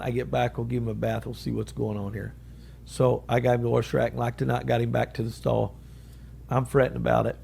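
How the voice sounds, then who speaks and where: A man's voice: medium pitch, vocal fry, warm tone, a little hiss or hum. A middle-aged man, a cattle breeder telling a long story as an interview guest, in a folksy way, often quoting what people said. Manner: folksy, drawn-out storytelling with repeated quotes.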